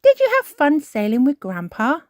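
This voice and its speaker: A woman voicing a gentle mother pig in a calm, motherly manner for a storybook reading. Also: high voice, moderate pace, no room sound, clean studio sound, pitched above the performer's own voice.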